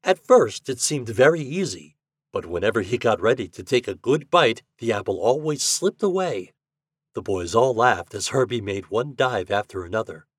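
Expressive man reading a storybook. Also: medium pitch, moderate pace, husky, no room sound. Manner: expressive, acts out the characters. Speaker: podcast host and reader.

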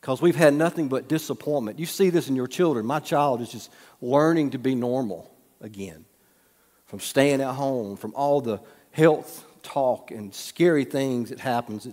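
With a mid-range, darkish voice, a male pastor weaves storytelling into a conversational sermon. He teases the congregation by asking them questions, and a long hall reverb trails his words.

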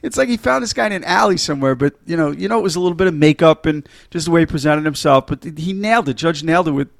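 A man's voice: fairly high pitch, gravelly, no room sound, clean studio sound. A man co-hosting a podcast, chatting about a movie with frequent chuckles. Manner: chuckling, quick agreeing interjections. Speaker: podcast co-host. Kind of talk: casual movie chat.

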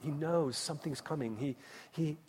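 A man preaching a sermon as pastor, impassioned, swinging between loud cries and hushed tones. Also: on the high side, normal speed, husky. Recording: long reverb of a large hall.

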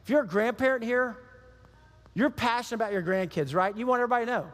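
High-voiced preacher in a reverberant hall. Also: male voice, fast talker, soft background music. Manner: animated storytelling, acting out quoted voices. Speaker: pastor. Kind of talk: sermon.

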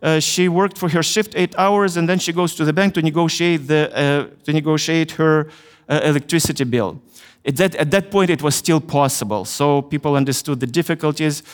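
A middle-aged man with a Ukrainian accent delivers a chapel sermon as a personal story. He speaks earnestly, in a fairly high voice, and pauses often to search for words. His voice rings out with the long reverb of a large hall. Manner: earnest storytelling with frequent hesitations. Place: university chapel.

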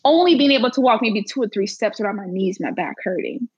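A woman's voice: medium pitch, lively intonation, fast, husky, no room sound, highs cut off. A woman guest talking earnestly and emphatically in a casual interview, repeating her phrases for weight.

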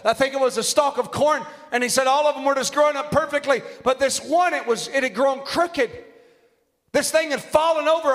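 High, bright-voiced young man preaching. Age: young adult. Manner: impassioned, shouting at peaks, quotes scripture and a prophet. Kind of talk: sermon. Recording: long hall reverb.

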